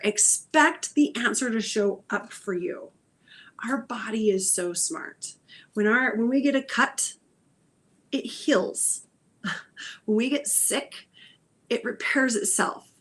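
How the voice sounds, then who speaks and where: A woman hosting a spiritual livestream as an intuitive healer. She talks softly and meanders, repeating phrases meditatively, with frequent sighs and whispered phrases. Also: on the high side.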